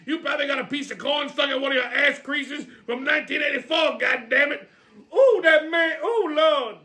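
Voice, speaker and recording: A man voicing a loud, bawdy older woman in a comedy sketch, squealing in a shrill falsetto and swearing. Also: normal speed, exaggerated voice. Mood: scolding. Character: brassy loud older Black-American-style woman, bawdy.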